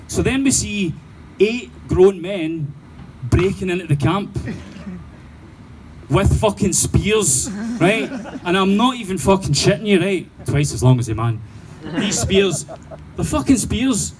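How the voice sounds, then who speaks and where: Man, Glaswegian accent, stand-up storyteller, sweary, animated, fairly high voice, outdoor noise behind. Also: moderate pace. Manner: sweary, animated, laughing through punchlines. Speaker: stand-up comedian.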